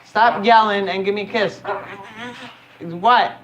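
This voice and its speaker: A woman's voice: mid-range voice, fairly even intonation, slow, lo-fi sound, crowd noise. A woman talking casually to her pet bird at home at night, scolding it and cooing at it by turns, with frequent laughs. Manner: scolding yet affectionate, laughing often. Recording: noisy home video recording.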